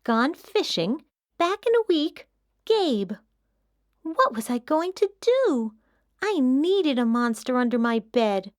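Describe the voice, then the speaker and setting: Female storybook reader, high and expressive, unhurried. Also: no room sound, studio quality. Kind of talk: children's picture-book read-aloud.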